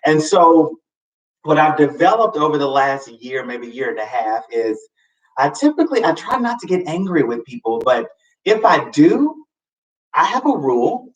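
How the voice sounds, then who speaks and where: A man hosting a live show, telling a personal story in a casual, expressive way with sassy asides and sudden high swoops for emphasis. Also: unhurried. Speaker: host. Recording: roomy, slightly distant mic.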